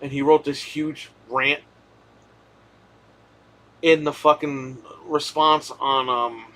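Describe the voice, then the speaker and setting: A man chatting casually on a live stream, telling a profane, animated story. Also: fairly high pitch, slow pace.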